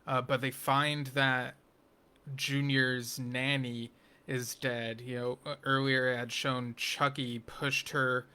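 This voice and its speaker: Slow, flat-voiced male TV reviewer. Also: mid-range voice, clear, resonant tone. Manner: rambling, with frequent ums and restarts; geeky, wry asides. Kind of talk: casual spoken TV episode review.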